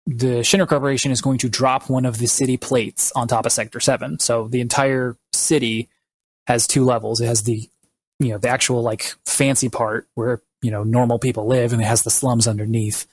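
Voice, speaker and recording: A man's voice: medium pitch, breathy edge, no room sound. A man in casual podcast chat, walking through a long recap with plenty of fillers and restarts. His voice sits in a middle register and sounds close and dry, with no room around it. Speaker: podcast co-host.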